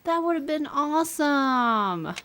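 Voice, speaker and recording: A young woman live-streams a game, chatting casually and musing aloud as she plays, often repeating words playfully. Her high-pitched voice is expressive, a bit bright and slow, with game music and slight background noise behind her.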